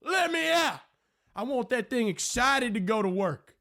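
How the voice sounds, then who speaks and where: A man playing a crude, perverted male Southern radio host with a put-on Southern drawl, preaching in drawn-out lines that keep ending in "okay?". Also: very high voice, animated, sharp tone, voice pushed up, heavily acted. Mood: leering.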